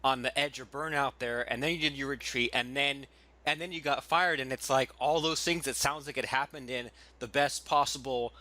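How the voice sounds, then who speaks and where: Bright-toned male podcast host. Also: medium pitch, moderate pace. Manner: relaxed, thinks aloud with many restarts and fillers. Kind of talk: casual interview chat.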